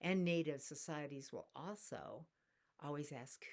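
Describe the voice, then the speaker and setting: A middle-aged woman telling a personal story in a soft-spoken, reflective spiritual talk. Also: low voice, lively intonation, takes it slowly. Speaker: spiritual teacher.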